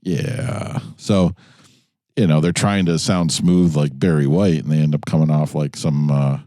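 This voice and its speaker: A man from New York talks in a very low, dark voice. He rambles in a relaxed way, leaning on "you know" as he goes. The sound is dry and close. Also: unhurried, no echo. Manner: rambling, laid-back talker with many you-knows. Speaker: podcast co-host. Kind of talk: profane casual chat in a car. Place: inside a jeep.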